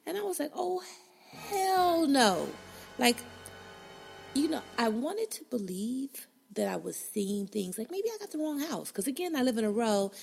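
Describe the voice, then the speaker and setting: This podcast host has a deep, gravelly voice heavy with vocal fry, husky and a little rough with a darkish tone, and her pitch swings widely. She talks a little fast with few pauses, bluntly and casually, swearing freely and acting out her reactions in a story, with faint music behind her.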